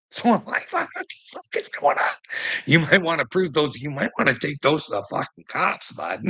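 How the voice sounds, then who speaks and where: A middle-aged man ranting into his vlog, cursing nearly every sentence and breaking into bitter laughs. His low voice is gravelly and husky, with a bright, tense edge. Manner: agitated, swears constantly, bitter laughs. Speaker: vlogger.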